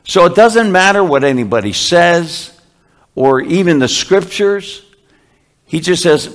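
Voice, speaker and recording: A man preaching a sermon, reading scripture aloud and explaining it with slow, emphatic rises. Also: high voice. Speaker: pastor.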